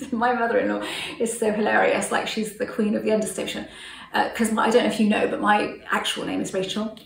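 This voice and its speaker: A woman's voice: medium pitch, little pitch movement, brisk, gravelly, echoey room, distant mic, rough recording. A middle-aged woman telling a story to camera in a chatty way, laughing often and acting out what people said. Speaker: vlogger.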